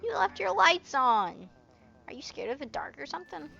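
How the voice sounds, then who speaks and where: A woman voicing a squeaky, cheeky young male mothman creature who teases and snaps back. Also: very animated, moderate pace, creaky, sharp tone, muffled recording, exaggerated voice. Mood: teasing.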